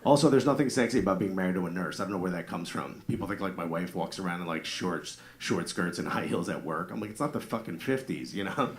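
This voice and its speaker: A man's voice: deep voice, fast talker, hardly any pauses. A man doing a stand-up comedy set, crowd work with profane, self-mocking jokes before a laughing club audience. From northeastern United States.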